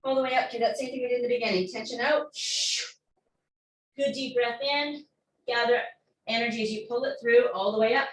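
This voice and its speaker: A woman's voice: fairly high pitch, steady tone, brisk, a little hiss or hum. A woman fitness instructor talking a class through stretches and breathing, with encouraging cues and playful asides. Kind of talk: guided workout cues. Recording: echoey room, mic far off.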